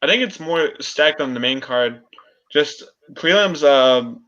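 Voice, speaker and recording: A man's voice: fairly high pitch, expressive, unhurried, fairly bright tone, highs cut off. A man joining a live MMA preview show, talking hesitantly and laughing often. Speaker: podcast guest panelist. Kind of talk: casual MMA chat.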